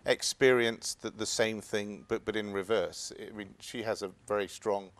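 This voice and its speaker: A man's voice: on the low side, fairly even intonation, normal speed. Hesitant Englishman with frequent restarts. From England. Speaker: guest. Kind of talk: interview conversation.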